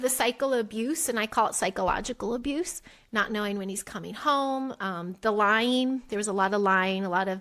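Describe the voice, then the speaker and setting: A middle-aged woman, a podcast guest, telling her story candidly and acting out the quoted dialogue with big jumps in her voice. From United States. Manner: animated, acts out quoted dialogue with pitch jumps.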